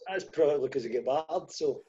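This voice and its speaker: A man's voice: fairly high pitch, fast talker, muffled recording, over a noisy crowd. A man with a Scottish accent, a footballer guest telling stories with teasing, dry asides in a casual chat. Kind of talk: casual storytelling.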